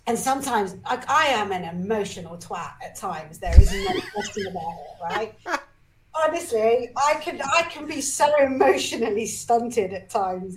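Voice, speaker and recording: A woman's voice: on the high side, noisy background. A woman talking as a podcast guest, telling emotional personal stories with energy, swearing casually and often restarting her sentences. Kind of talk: candid personal storytelling.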